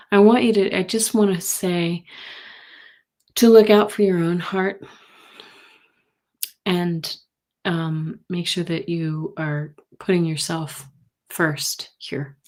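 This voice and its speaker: Slow, low-voiced woman reading tarot. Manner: gentle, sympathetic, halting with fillers. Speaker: intuitive reader, host. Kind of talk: live-stream tarot reading.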